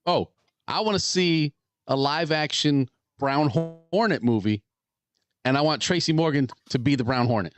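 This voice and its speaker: A man's voice: fairly high pitch, moderate pace, faint music behind. A man co-hosting a podcast in casual chat, telling stories with frequent laughter. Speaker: podcast co-host.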